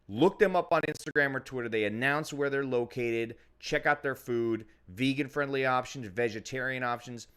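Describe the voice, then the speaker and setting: A man's voice: mid-range voice, bright, forceful tone. A man co-hosting a fan call-in podcast, brash and emphatic, swearing often while reading sponsor plugs. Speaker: podcast co-host. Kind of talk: loud casual podcast banter with sponsor reads.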